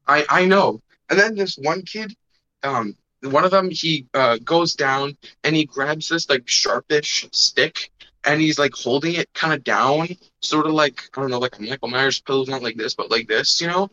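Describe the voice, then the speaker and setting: A man's voice: on the high side, normal speed, pushed and bright, a little hiss or hum. A young man casually telling a long story on a podcast, rambling with fillers and acting out the other people's voices. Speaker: podcast host. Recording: dull lo-fi sound.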